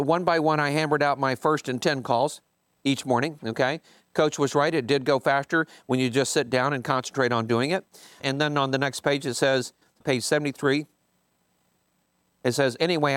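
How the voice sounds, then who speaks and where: A man, leading a team meeting and commenting casually on a book, emphatic and animated, jumping high in pitch to stress points. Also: no echo, studio quality.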